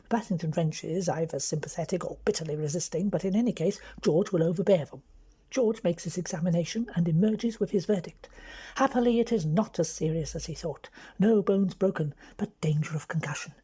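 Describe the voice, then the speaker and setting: A woman doing a brisk, bossy young lady. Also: fairly low pitch, dark tone, slightly rough. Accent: English. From London. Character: bold young aristocratic woman schemer.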